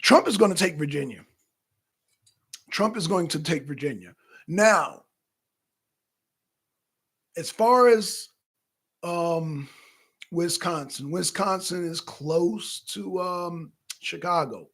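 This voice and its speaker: Male co-host, high husky voice, animated and profane casual commentary. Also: takes it slowly, long pauses. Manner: animated, profane, chatting directly to viewers. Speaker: political talk show co-host.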